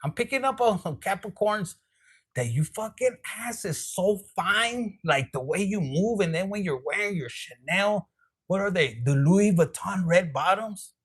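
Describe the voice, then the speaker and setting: Brief: man, tarot reader, high voice, sassy and foul-mouthed. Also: lively intonation, unhurried, a bit bright, slightly rough. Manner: profane, sassy and rambling. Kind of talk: casual tarot reading.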